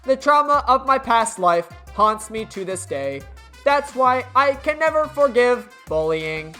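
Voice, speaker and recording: A man voicing a small, shy male robot, telling his story in a halting, earnest way. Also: extremely high pitch, sing-song, bright, forceful tone, soft background music, voice pushed up, heavily acted.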